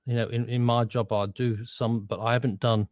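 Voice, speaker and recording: A man's voice: mid-range voice, level tone, moderate pace, a little mellow, no room sound, highs cut off. Chatty man, dry close voice. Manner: chatty, talks things through with restarts. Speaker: co-host, voiceover worker. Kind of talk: casual chat.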